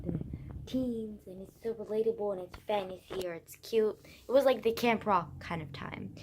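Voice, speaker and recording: A young woman with a hoarse, croaky, scratchy voice, chatting casually to camera, rambling and swearing as she talks. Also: mid-range voice, a little mellow. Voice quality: scratchy rasp. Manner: rambling, swears often, heavy use of "like". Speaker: vlogger.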